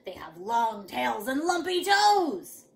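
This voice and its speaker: A woman voicing a calm father who dismisses talk of trolls. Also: a little high, slow pace, vocal fry, full character voice. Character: calm, matter-of-fact father.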